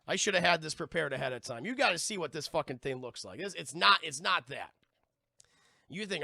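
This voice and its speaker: An excitable, profane man streaming a film review and chatting with his viewers. His voice is high and very bright, with a gravelly fry. The sound is close and dry. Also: brisk, no echo. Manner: profane, excitable, talks to the chat.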